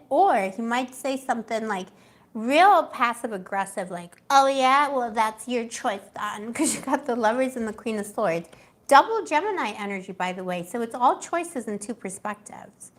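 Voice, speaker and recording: A young woman doing a live tarot reading in a casual, chatty way, laughing often and talking with lots of fillers. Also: on the high side. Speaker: tarot reader.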